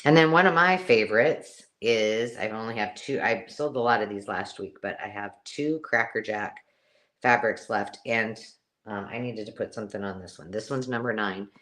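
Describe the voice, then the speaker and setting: A woman hosting a live-stream craft sale, chatty and excitable, counting items aloud as she shows them. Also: a bass voice, moderate pace. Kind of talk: casual live-stream selling chat.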